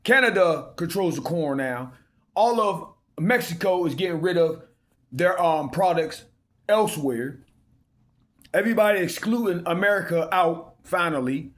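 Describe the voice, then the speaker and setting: A man preaching in an informal sermon, reading old scripture slowly and emphatically and breaking into slangy asides. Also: sits high, lively intonation.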